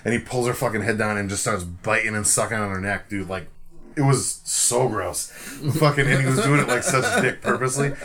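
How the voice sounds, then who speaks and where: A man's voice: lowish voice, a little fast, a crowd in the background. A man co-hosting a podcast, telling a rambling story full of swearing and acting out the voices of the people in it. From Providence area, US. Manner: profane, animated storyteller acting out quotes. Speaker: podcast co-host. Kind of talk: casual storytelling chat.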